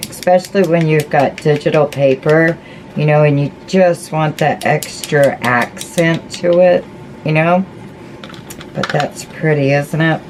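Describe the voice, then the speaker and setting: A woman with a low voice talks slowly and folksily as she works on a craft project. She chats to her viewers and to herself between tasks. Faint room noise sits under her voice. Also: a little mellow, low-quality recording. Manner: chatty, folksy, talks to herself while painting. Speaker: crafting vlogger. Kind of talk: casual craft tutorial chat.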